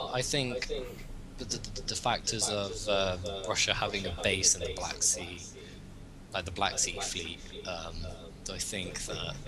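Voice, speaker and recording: Rambling young man, loud crowd behind. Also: low voice, rough recording. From Britain. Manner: rambling, opinionated, thinks aloud. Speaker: host. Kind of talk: casual political chat.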